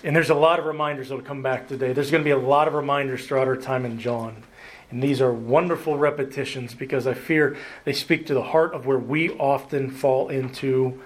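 A man preaching a sermon as pastor, earnest, slowing down and lifting his voice to stress key words. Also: medium pitch, rough recording. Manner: earnest preaching, slows and rises for emphasis, occasional restarts.

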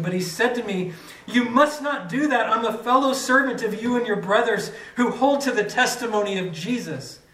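A man's voice: sits high, a bit bright, a little hiss or hum. A man preaching a sermon, reading scripture aloud with dramatic rises on the quoted cries. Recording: echoey room, mic from a distance.

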